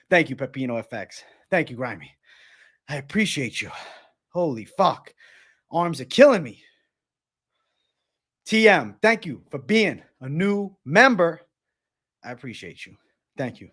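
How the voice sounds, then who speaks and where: A man's voice: a little high, sing-song, a little slow, pauses often, breathy edge. Hyped, swearing male live streamer. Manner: hyped, profane, shouting out viewers. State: out of breath from shadowboxing. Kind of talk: casual live stream chat.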